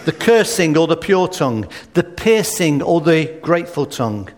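Man, preacher, sermon, emphatic, fairly high voice, long hall reverb. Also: sing-song, normal speed. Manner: emphatic, rhetorical questions in lists.

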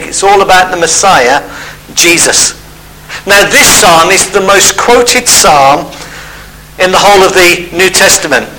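Male preacher, high bright voice, chatty explanatory sermon delivery. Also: a little hiss or hum, rough recording. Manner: conversational, explaining step by step.

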